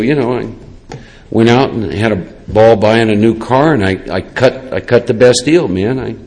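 A man's voice: mid-range voice, low-quality recording. Rambling man sharing a recovery story. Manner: rambling, lively storyteller with many asides. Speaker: recovery speaker. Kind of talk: personal testimony talk.

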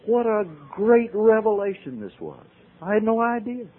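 Husky man telling his story. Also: high-pitched, normal speed. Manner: animated, acts out the voices of people in his story. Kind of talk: storytelling talk. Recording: tinny, phone-like old recording.

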